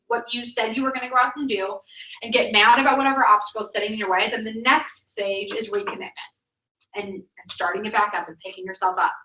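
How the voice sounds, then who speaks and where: A woman in her thirties leads a motivational sales training, emphatic and chatty, with plenty of "like." Her voice sits a little high and rings bright. It is picked up from a distance in an echoey meeting room. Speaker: sales director training new consultants.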